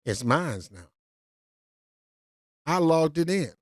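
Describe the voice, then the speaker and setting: A woman's voice: deep voice, very animated, takes it slowly, no room sound. A woman giving a slangy, mocking reaction commentary on a street video.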